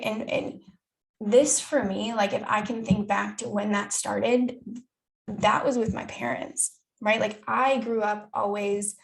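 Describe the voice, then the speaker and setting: A woman with a gravelly, fry-tinged voice leads a live online coaching session. She talks casually and candidly, drops swear words freely, and keeps asking the listener rhetorical questions. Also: medium pitch, rough recording. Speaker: dating and self-development coach.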